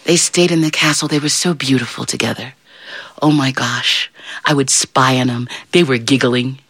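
A woman storyteller telling a tale in first person as a fairy godmother, animated and playful with wide swoops of voice. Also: very deep voice, normal speed, breathy edge, no room sound.

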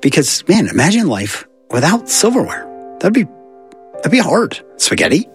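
A man's voice: a little high, wildly swooping pitch, moderate pace, soft background music. A man talking as a guest in a casual podcast chat, reflective and playing out people's inner thoughts. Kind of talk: casual conversation.

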